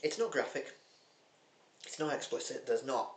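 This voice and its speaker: A man's voice: medium pitch, animated, normal speed. A man talking casually and bluntly about films he watched, with a cheeky, chatty manner. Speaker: film vlogger. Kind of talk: casual film review chat. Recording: echoey room with faint hum.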